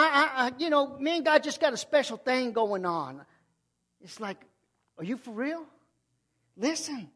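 A man preaching a sermon with passion, repeating phrases and swinging between loud outbursts and hushed lines. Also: very high voice.

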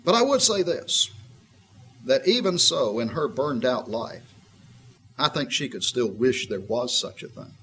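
A man giving a conversational Bible teaching, folksy and reflective, with a husky voice. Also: medium pitch, lively intonation, measured pace, a bit bright, rough recording. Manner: folksy and reflective, voices the woman with a tart, skeptical edge. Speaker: preacher.

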